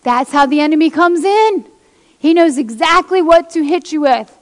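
A woman's voice: high-pitched, expressive, moderate pace, long reverb tail. A woman preacher giving an impassioned sermon, reading scripture aloud and speaking straight to her congregation in a church.

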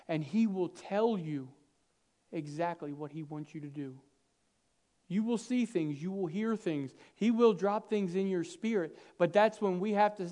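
A man preaching a sermon, swinging from hushed, intimate lines to loud, animated bursts, acting out quoted dialogue with humor. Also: sits high.

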